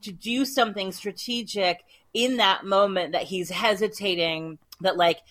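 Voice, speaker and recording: A woman's voice: medium pitch, fairly even intonation, measured pace, a bit bright. A woman appearing as a guest on a podcast, talking things through thoughtfully in a casual discussion, with frequent restarts. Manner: thoughtful, talks in restarts and trailing phrases.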